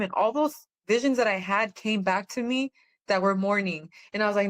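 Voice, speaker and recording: A woman's voice: mid-range voice, fairly even intonation, a little fast, a bit bright. Earnest woman telling a personal story. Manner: earnest, rambling storytelling with many fillers. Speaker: podcast guest. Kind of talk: personal testimony in conversation.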